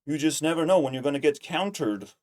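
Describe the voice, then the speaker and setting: Profane ranting male streamer, higher voice. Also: animated, fast, a little mellow. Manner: heated, profane, repeats himself when worked up. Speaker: streamer reacting to clips. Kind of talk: casual ranting commentary.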